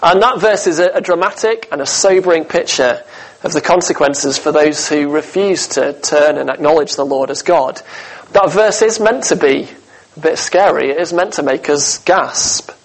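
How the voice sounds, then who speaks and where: A man preaching a sermon, telling the story with lively asides, humor and rhetorical questions. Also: on the high side, normal speed, low-quality recording.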